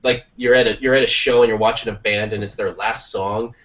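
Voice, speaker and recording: A man hosting a podcast in casual chat, rambling and animated, slipping into little voices when he quotes people. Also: on the low side, brisk. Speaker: podcast host. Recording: distant, dull lo-fi mic.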